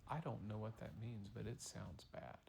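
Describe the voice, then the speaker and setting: A man voicing a polite, curious young girl in a bedtime story, in a plain, mild, quiet way. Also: lowish voice, moderate pace, creaky, a little hiss or hum, voice pushed down. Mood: puzzled.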